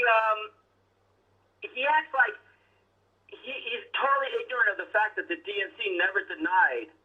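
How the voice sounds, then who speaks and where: A man calling in as a talk show guest, talking in a rambling, opinionated and insulting way. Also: high voice. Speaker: guest on a phone line. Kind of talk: casual political talk show chat. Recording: tinny phone line.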